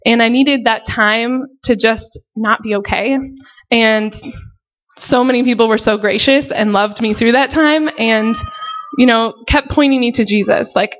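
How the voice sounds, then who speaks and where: A woman's voice: on the high side, fairly even intonation, unhurried, a bit bright. A young woman, a missionary, giving a personal faith testimony in an earnest, emotional way with many casual fillers. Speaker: missionary sharing her testimony. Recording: dull lo-fi recording.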